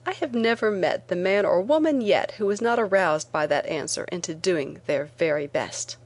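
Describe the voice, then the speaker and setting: A woman narrates a first-person memoir as an audiobook reading. Her voice sits fairly low, and she tells the story in a clear, steady way. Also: normal speed, few pauses.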